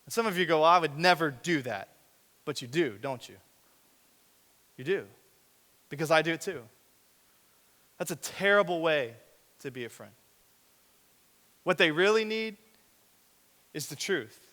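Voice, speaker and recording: Young man, youth-group preacher, chatty sermon with rhetorical questions, bright edge, big hall reverb. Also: fairly high pitch, expressive, a little slow, pauses often. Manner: conversational preaching with acted asides, rhetorical questions. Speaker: young adult ministry director. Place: church hall.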